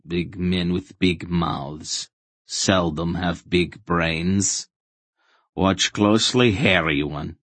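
A man's voice: deep voice, a little slow, no echo. A man voicing a zealous male fanatic in an audiobook, speaking with scorn and insistence. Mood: disdainful. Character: zealous male cave-dwelling fanatic, contemptuous. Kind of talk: audiobook character voice.

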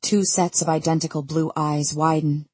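A woman narrates a novel in the first person with a husky, slightly low voice. Her telling is tense and urgent. The recording is close and dry, with no room sound at all. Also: level tone, normal speed, darkish tone, dry recording. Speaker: audiobook narrator.

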